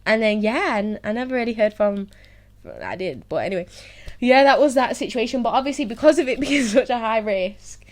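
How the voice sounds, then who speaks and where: Fairly high-pitched, animated and a bit fast, a young woman opens up about her life on her own series. She frequently laughs through hard memories, peppering her speech with "like" and "so, yeah."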